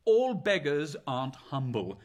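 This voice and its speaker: An actor playing a calm, reasonable kinsman giving measured, wry advice in rhymed stage verse. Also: fairly high pitch. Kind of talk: stage play in rhyming verse.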